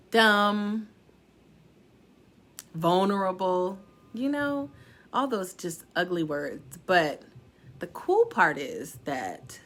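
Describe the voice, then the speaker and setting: A middle-aged woman casually telling her followers a personal story, animated and expressive, with big jumps in pitch when she quotes people. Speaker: salon suite owner sharing a warning.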